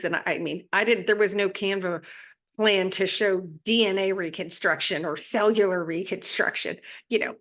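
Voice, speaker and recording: A woman hosting a spiritual channel, giving a casual, chatty monologue and often checking in with her listeners. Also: medium pitch. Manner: chatty, often adds tag questions.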